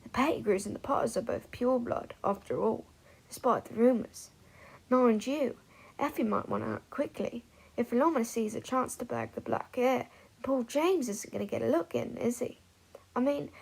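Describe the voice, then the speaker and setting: A woman's voice: fairly high pitch, animated, moderate pace, gravelly, breathy edge, exaggerated voice. A woman voicing a spiteful old witch gossiping at a party. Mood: catty gossip. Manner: hushed, catty gossip.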